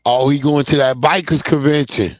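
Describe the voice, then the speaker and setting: A man's voice: a little high, steady tone, normal speed, no echo. A man in his thirties or forties hosting a livestream, talking loosely and casually with plenty of slang as he reacts to chat comments. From New York (Long Island). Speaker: livestream host.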